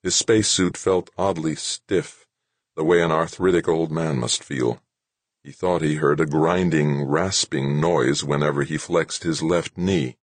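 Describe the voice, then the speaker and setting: A man's voice: very deep voice, fairly even intonation, a little slow, husky, dry recording. A man narrating an audiobook with dramatic, tense storytelling.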